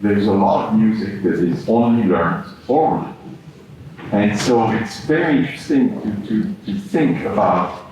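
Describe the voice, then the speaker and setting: A man on a discussion panel, making his point in a measured, deliberate way. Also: lowish voice. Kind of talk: roundtable discussion. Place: large room at a public panel. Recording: echoey room, mic far off, background noise.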